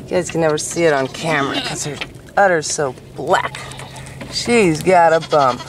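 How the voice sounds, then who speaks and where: A woman running a casual farm vlog, chatting relaxed and cooing sweetly to her goats and dog outdoors. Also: sits low, normal speed, noisy background. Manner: relaxed, talks sweetly to animals. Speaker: goat farmer vlogger.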